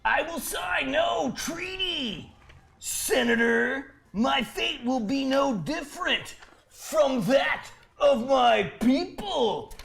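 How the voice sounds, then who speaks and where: A man's voice: very high voice, animated, slow pace, creaky, fairly bright tone, heavily acted. A man voicing a regal, foul-mouthed young queen in a comic script read-through, declaiming grandly and swearing. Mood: defiant.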